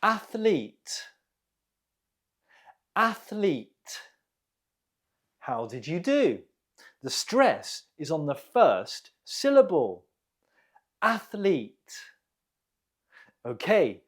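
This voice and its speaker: Guy teaching english quiz, slow and careful, bouncy tone. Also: fairly high pitch, wildly swooping pitch, darkish tone, breathy edge. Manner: slow, deliberate model pronunciation. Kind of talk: quiz lesson.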